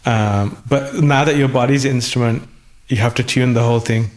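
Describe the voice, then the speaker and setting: A man's voice: medium pitch, fairly even intonation, moderate pace. A man in a conversational interview, speaking thoughtfully with hesitant restarts, his voice still recovering after an illness. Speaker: guest musician.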